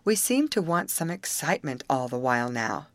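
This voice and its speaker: A woman's voice: a bass voice, moderate pace, no room sound. Betty, an eager girl, as a woman reads her. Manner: excited, exclamatory.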